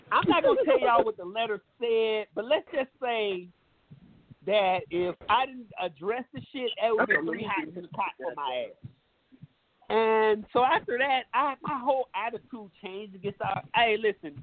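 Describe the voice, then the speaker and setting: High-voiced man rambling on a tinny line. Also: animated, moderate pace. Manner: rambling, repeats himself, street slang. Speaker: radio show host. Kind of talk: loose profane radio banter. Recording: tinny phone-line sound with faint noise.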